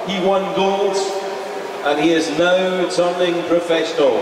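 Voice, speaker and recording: High-voiced male ring announcer in a booming arena. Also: fairly even intonation. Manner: showy, drawn-out shouted fighter introductions. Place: large indoor arena. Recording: echoey arena from far off with crowd noise.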